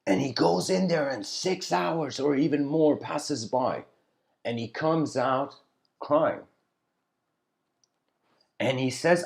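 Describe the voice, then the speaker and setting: A man giving a reflective spiritual lecture, telling stories slowly with pauses and letting his voice trail off quietly. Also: medium pitch, gravelly. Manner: unhurried storytelling with pauses.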